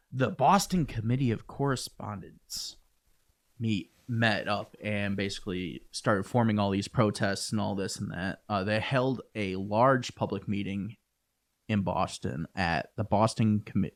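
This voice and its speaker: A man co-hosting a history podcast, joking around in loose casual chat with lots of fillers. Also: fairly low pitch. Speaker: podcast co-host.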